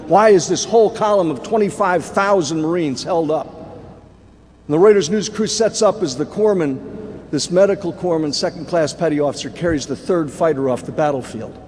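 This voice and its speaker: A man's voice: on the high side, moderate pace, a little mellow, slight background noise. A man in his sixties giving a dramatic speech at a banquet, telling vivid war stories. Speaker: keynote speaker. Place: large banquet hall. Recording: echoey hall, faint room ambience.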